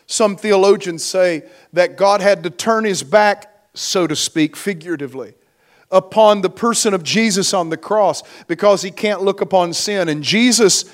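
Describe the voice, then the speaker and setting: A man preaching a sermon as pastor, slow and emphatic, his force rising and falling. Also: high-pitched. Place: church.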